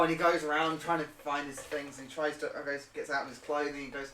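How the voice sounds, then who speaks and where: Rambling game master in an echoey room. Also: male voice, a little high, level tone, quick pace, hardly any pauses, pushed and bright, slight background noise. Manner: rambling, hesitant with many fillers. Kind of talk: narrating a tabletop game. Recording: roomy and distant.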